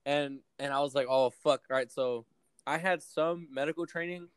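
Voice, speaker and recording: A man's voice: fairly high pitch, fairly even intonation, moderate pace, background noise. A young man casually telling a long story to friends, rambling and profane with lots of fillers. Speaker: podcast co-host telling a story.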